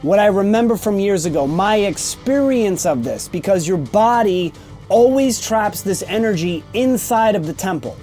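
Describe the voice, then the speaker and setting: Man in his forties, podcast host, high voice, blunt and emphatic, casual swearing, faint music behind. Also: lively intonation, normal speed, mellow. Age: 40s. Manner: emphatic, keeps checking in with "okay?". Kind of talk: candid personal storytelling monologue.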